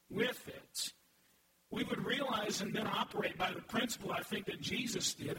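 A pastor in his thirties with a high-pitched voice preaches a sermon in a church sanctuary, speaking conversationally and putting questions to the congregation. The recording is echoey, distant, and noisy.

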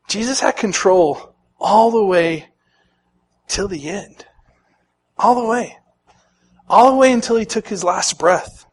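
A man preaching a sermon as a pastor, animated, acting out the people he quotes, with sudden swings between loud and soft. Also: high-pitched, slow, long pauses, slightly rough.

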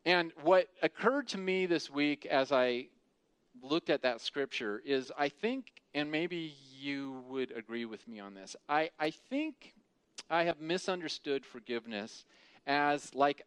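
A man delivers an earnest sermon in a relaxed, talky way, often doubling back and repeating words as he finds his point. His voice sits a little high for a man. The sound is dry and close. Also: a little slow, clean tone, no echo. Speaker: preacher. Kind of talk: conversational sermon.

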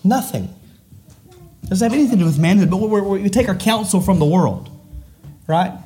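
Preaching man, rising and falling pitch. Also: moderate pace, dark tone. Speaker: pastor. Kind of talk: sermon.

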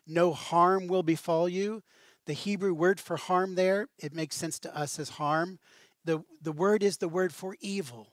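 A pastor preaches conversationally, full of animation and casual asides. His voice is fairly high, and the sound is dry and close with no echo.

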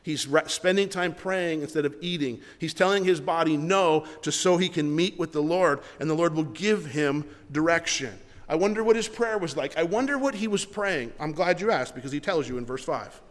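A male pastor preaching a sermon, emphatic and repeating his words, slowing down to read scripture. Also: a little high. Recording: long hall reverb.

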